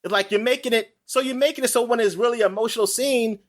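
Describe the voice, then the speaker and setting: A man co-hosting a podcast, talking in casual chat that rambles, with quick asides and frequent laughs. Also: extremely high pitch. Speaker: podcast co-host.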